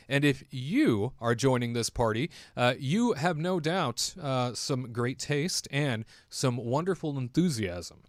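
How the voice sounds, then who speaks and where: A man hosts a live stream with a showy, hype-man delivery and slips into playful put-on voices. His voice sits at an ordinary middle pitch. The sound is close and dry, with no room in it. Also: animated, takes it slowly, few pauses, dry recording. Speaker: host of a theme park news livestream. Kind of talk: animated livestream hosting.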